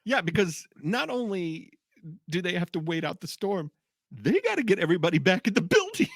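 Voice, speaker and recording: A man co-hosting a podcast, tossing in quick joking asides in casual chat. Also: high-pitched, very animated, no echo, studio quality. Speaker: podcast co-host.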